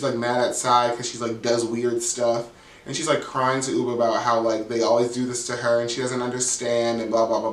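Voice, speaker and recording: A man's voice: mid-range voice, a bit bright. A man tearing through a reality show recap in a sassy, blunt way, swearing freely and stuffing his talk with "like." His voice bounces around a reverberant room. It sounds as if he sits some distance from the microphone. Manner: sassy, blunt, profane, frequent "like". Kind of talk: casual commentary. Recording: echoey room, mic at a distance.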